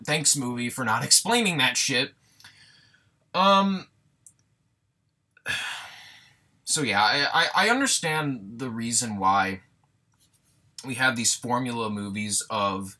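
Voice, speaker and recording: A man's voice: mid-range voice, animated, slow, pauses often, sharp tone. A young man ranting through a casual movie review, sarcastic and exasperated, swearing freely.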